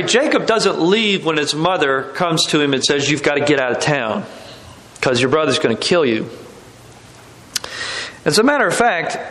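A man's voice: a little high, a bit bright. A man preaching a sermon, telling a story and acting out the characters' lines. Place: church hall. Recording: echoey hall.

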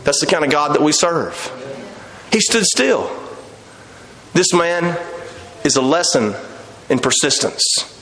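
A man's voice: a little high, very animated, takes it slowly, pauses often, pushed and bright, reverberant. A man preaching a sermon with fervor, acting out voices and laughing now and then. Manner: fervent preaching, acts out quoted voices, laughs often.

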